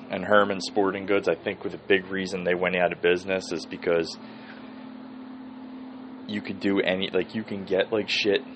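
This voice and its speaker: A man rambles through a profane podcast story in a very low voice. A faint hum of background noise sits under his talk. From Philadelphia area. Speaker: podcast host. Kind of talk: solo podcast monologue.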